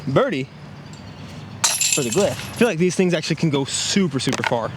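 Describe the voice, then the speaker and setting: A disc golf reviewer, male with a voice on the high side, gives casual play-along commentary as he throws discs around an outdoor course, exclaiming at every shot. His intonation is lively and his pace fairly quick. The outdoor field recording carries faint noise.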